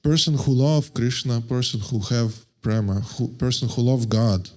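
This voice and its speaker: Male devotional lecturer, middle pitch, hesitant and searching delivery. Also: darkish tone. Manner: halting, searching for words, frequent restarts; chants verses slowly in a raised voice.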